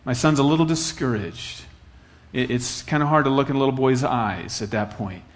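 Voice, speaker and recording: A man's voice: medium pitch, moderate pace. A middle-aged man from Iowa preaching a sermon in an earnest, conversational way, telling stories and repeating phrases for effect. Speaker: pastor.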